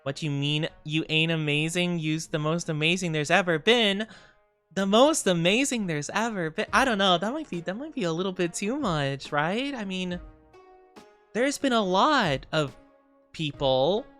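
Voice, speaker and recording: A woman's voice: lowish voice, animated, a bit bright, faint music behind. A young woman streaming and chatting casually with her live viewers, playful and bubbly, a little sleepy. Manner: playful, bubbly, quick to thank and tease back. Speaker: VTuber streamer.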